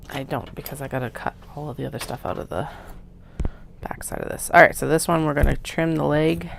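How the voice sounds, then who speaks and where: A woman's voice: low-pitched, a little fast, creaky, a little hiss or hum. A woman chatting to herself while cutting fabric in her studio, casual and self-mocking. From Canada. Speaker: craft maker. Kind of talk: casual work-along vlog narration. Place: home sewing studio.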